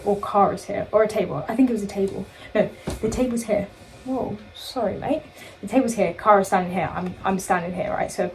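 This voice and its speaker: A woman's voice: mid-range voice, a little mellow, rough recording. A young woman vlogging, telling a rambling story in a casual chat full of fillers and restarts. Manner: chatty, rambling, self-interrupting with many fillers. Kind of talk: casual storytime while getting ready.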